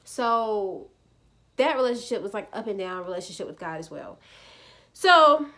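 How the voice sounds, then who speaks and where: In a sing-song, pushed and bright mid-range voice at a moderate pace, a young woman in her twenties vlogs her personal faith testimony. She chats freely, fills in with plenty of "like," and speaks to viewers as "y'all."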